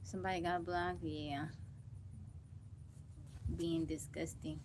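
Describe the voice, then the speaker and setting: A woman's voice: lowish voice, flat delivery, slow pace, slight background noise. A middle-aged woman hosting a casual livestream, chatting to viewers by name while sounding tired and weak, on a phone mic at home. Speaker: livestream host.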